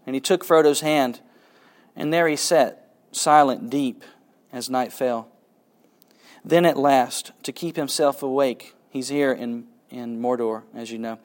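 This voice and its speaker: A man giving a literature lecture, reading passages aloud with dramatic swings between excitement and hushed quiet. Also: fairly high pitch. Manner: dramatic reading, rising with excitement and dropping to a hush.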